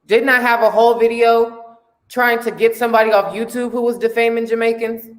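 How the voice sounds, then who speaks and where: A man's voice: very high-pitched, level tone, fairly quick. A man hosting a casual live-stream chat, talking in a sarcastic, mocking way.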